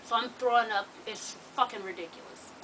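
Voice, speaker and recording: A woman's voice: fairly high pitch, a little fast, far from the mic, a little hiss or hum, poor audio. A woman telling a long story to her viewers, laughing and swearing freely. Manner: profane, animated, laughs while telling. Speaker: vlogger.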